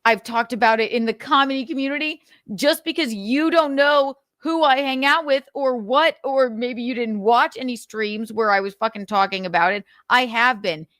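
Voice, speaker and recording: Furious profane woman livestreamer, high voice. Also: normal speed, few pauses, a bit bright, no echo, studio quality. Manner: angry, profane, repetitive rhetorical questions. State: choked up with emotion. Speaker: livestream host. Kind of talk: heated commentary rant.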